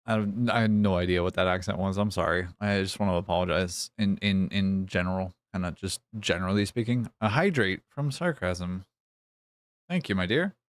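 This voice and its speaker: A man's voice: sits low, a little fast, hardly any pauses, clear, resonant tone, no echo. A man streaming a game live, casually teasing and bantering with his chat as he reads it out.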